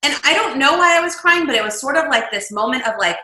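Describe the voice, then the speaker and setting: A woman guest describing her path into shamanic healing in lively, animated conversation. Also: sits high, quick pace, reverberant, low-quality recording. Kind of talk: casual storytelling chat.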